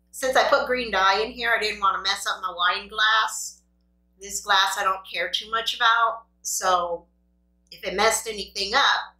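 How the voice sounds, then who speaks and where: A woman with a bright, forceful voice chats casually to her viewers while she eats, rambling and poking fun at herself. The sound bounces around an echoey room. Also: medium pitch, far from the mic. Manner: rambling, self-deprecating, talks to viewers. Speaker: mukbang host. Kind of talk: casual chat while eating.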